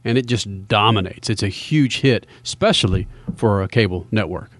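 A man hosting a radio show, talking loud and enthusiastic, with frequent laughs. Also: on the low side, moderate pace. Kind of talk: casual radio talk.

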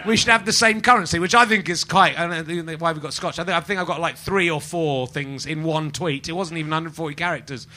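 A man's voice: on the high side, steady tone, fairly quick, few pauses, pushed and bright, slight background noise. A man from England hosting a live podcast in front of a small audience, chatting in a rambling, mock-indignant, jokey way. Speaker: podcast host. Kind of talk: live stand-up podcast chat.

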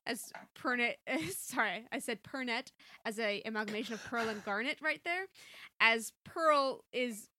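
Bright-voiced young woman chatting enthusiastically. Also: on the high side, measured pace, no room sound. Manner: enthusiastic, chatty, laughs often. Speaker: podcast co-host. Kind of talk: casual chat about a cartoon episode.

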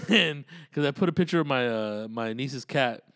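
Heard in clean, echo-free studio sound, this man's mid-range voice is a bit bright, with lively intonation and normal pacing. As comedian and host of his own podcast, he wanders through a loose, profane monologue full of street slang.

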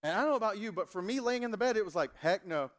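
A man's voice: animated, rapid-fire, fairly bright tone. A man in his thirties preaching a sermon, telling a personal story with emphatic, rising delivery. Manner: storytelling, emphatic, rises in pitch and volume when fervent. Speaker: pastor.

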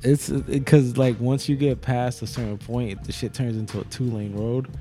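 A man's voice: medium pitch, little pitch movement, normal speed, mellow, soft background music. A young man, co-hosting a podcast, telling rambling profane stories and laughing often. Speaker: podcast co-host. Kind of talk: casual chat.

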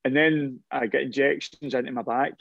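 A man's voice: mid-range voice, steady tone, moderate pace, gravelly, fairly bright tone, no room sound, dull audio. A middle-aged man, a former footballer, telling long rambling anecdotes in a casual interview, restarting his sentences often.

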